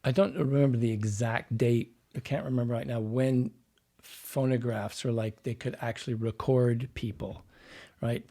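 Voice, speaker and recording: Man, dialect coach type, dark husky tone, explanatory, demonstrates voices mid-sentence. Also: mid-range voice. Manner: explanatory, breaks into quick vocal demonstrations. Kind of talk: podcast guest interview.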